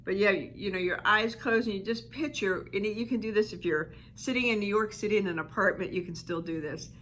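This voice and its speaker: A woman's voice: medium pitch, a little fast, a bit bright, a little hiss or hum. A woman coaching listeners on inner child healing in a reflective, conversational talk full of "you know" asides.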